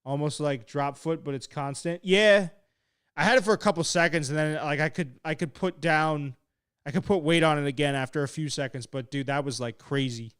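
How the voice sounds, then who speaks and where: A young man casually commentating a live fight stream, excitable and swearing while he reads the chat. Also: fairly high pitch, normal speed, clear, resonant tone, no echo, clean studio sound. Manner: excitable and laid-back, swearing, laughing at chat. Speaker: fight watch-along streamer.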